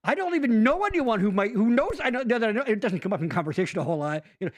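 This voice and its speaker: A man's voice: high-pitched, rapid-fire, hardly any pauses. A man hosting a podcast in casual chat, joking and cursing freely. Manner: joking, profane, animated. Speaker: podcast host.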